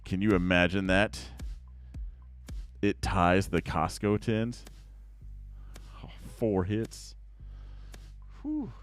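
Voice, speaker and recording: Chatty low-voiced man opening card packs. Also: drawn-out words, long pauses, faint music behind. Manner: chatty and rambling, swinging into excited outbursts over pulls. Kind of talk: casual pack-opening chat to viewers.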